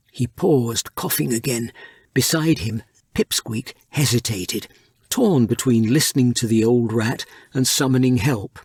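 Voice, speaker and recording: A man narrating an adventure audiobook, reading in a lively, unhurried scripted storybook style. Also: mid-range voice, slightly rough, dry recording, clean studio sound.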